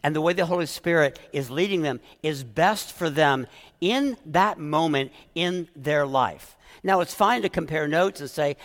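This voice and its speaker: A middle-aged man delivers a heartfelt sermon as pastor, his voice a touch higher than most men's. He is earnest and emotional and stumbles into restarts as he presses his point. A long reverb from the church hall follows his words. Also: big pitch swings, normal speed, fairly bright tone.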